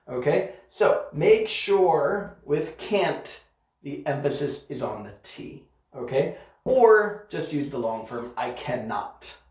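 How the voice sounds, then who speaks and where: A man teaching an online English grammar lesson, modeling example sentences carefully and checking in with "okay?" as he goes. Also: a little high. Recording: echoey room, dull lo-fi sound.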